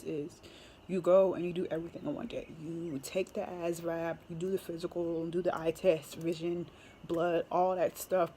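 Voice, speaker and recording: A woman's voice: fairly low pitch, darkish tone, slight background noise. A young woman telling a casual story to camera, chatty and laughing often, with lots of fillers. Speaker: military recruit vlogger.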